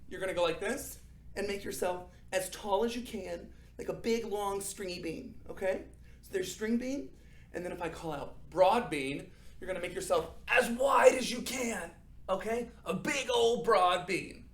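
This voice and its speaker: A young adult man teaching children a drama warm-up, upbeat and encouraging, checking in often. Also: high voice, reverberant. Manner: upbeat, encouraging, frequent "okay?" check-ins. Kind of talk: guided acting warm-up for children.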